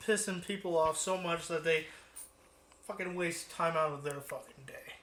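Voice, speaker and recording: A man co-hosts a casual podcast, breaking in with blunt, prodding questions and crude jokes. His voice sits a little higher than most men's. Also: moderate pace, a bit bright. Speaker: podcast co-host. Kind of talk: casual chat.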